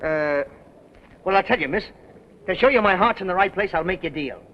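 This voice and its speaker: Brief: a slangy, pushy car salesman; high voice, muffled old film sound. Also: lively intonation, fairly quick. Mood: smooth-selling. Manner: brash slangy salesman patter. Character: brash fast-dealing male used car dealer. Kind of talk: 1930s film acting. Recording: dull old film soundtrack with faint hiss.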